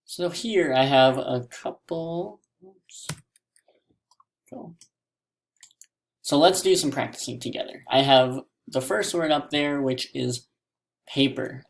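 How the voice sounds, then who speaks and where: A man teaching a classroom mini lesson, stretching words out slowly syllable by syllable. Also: medium pitch, creaky.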